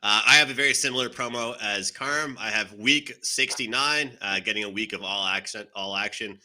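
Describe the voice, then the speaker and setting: Bright punchy guy hosting a betting show, upbeat, keeps tossing it to the panel. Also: fairly low pitch, normal speed. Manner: upbeat, hands off to panelists by name. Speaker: show host.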